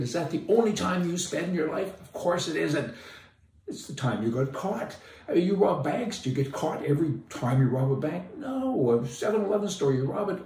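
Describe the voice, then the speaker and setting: Man, opinionated monologue, folksy, sarcastic, emphatic, slightly high voice, echoey room. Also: a little mellow. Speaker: political commentator. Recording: roomy, distant mic.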